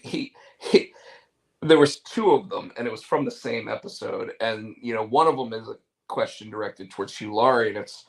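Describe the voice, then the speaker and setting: A man's voice: fairly low pitch, creaky, low-quality recording. Rambling man hosting a casual chat. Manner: rambling, filler-heavy retelling of clips. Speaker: host.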